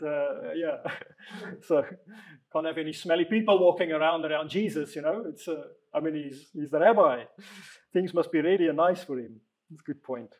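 A man with a somewhat high voice guides a small Bible study group. He talks casually, reads scripture aloud at a slower pace and keeps turning questions back to the room. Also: rough recording. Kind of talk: leading a group Bible discussion.

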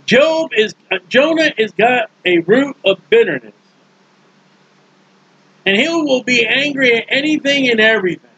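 A man preaching in a casual Bible teaching style, folksy and joking, acting out characters in quick asides. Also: very high voice, animated, bright, forceful tone, breathy edge, muffled recording.

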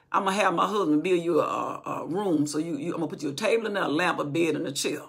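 Raspy, gravelly woman retelling Bible stories. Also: on the low side, fast talker, hardly any pauses. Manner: retells from memory, acting out quoted speech. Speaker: Bible teacher. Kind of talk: informal Bible storytelling.

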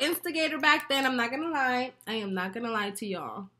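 A woman beauty vlogger tells a long personal story while applying makeup. Her voice is bright with a sharp edge, and she keeps her delivery lively, casual and peppered with swearing and laughter. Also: fairly high pitch, brisk, few pauses. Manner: animated and profane, laughing often.

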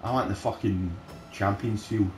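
A man swearing and shouting at opponents while playing a game with a friend. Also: on the low side, fairly even intonation, moderate pace. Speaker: gamer recording his play. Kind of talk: casual gaming chat with a friend. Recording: roomy sound with faint noise.

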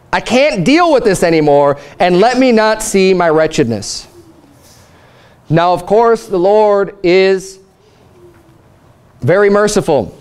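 A pastor delivering a sermon, reading scripture and acting out lively paraphrased dialogue. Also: male voice, high voice, moderate pace, clean tone. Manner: animated preaching with paraphrased dialogue.

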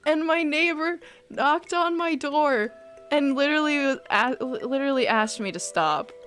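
A woman live-streaming a video game, chatting casually in a rambling, self-deprecating way, full of "like" and quick giggles. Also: high voice, fairly bright tone.

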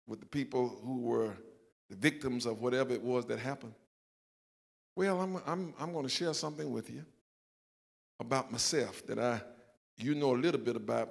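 Gravelly and medium-pitched, an older pastor with a Southern US accent talks at normal speed and pauses often, with a big-room sound. His sermon in the church sanctuary features a personal story at his own expense, quotes acted out.

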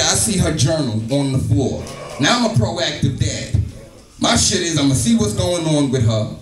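A man doing a stand-up comedy set in a club, telling a profane story with lively acted-out quotes. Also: fairly high pitch. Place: comedy club stage, live audience. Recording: echoey club, distant mic, music behind.

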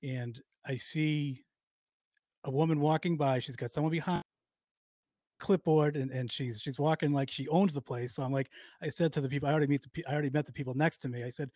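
Fast-talking Boston man hosting a podcast. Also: medium pitch, no room sound. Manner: rambling, excitable storyteller. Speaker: podcast host. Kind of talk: casual interview chat.

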